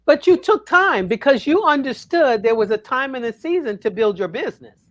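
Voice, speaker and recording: A woman from Connecticut, a minister, giving earnest counsel in a calm, preacherly way on a talk show. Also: high-pitched, brisk. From Connecticut, USA.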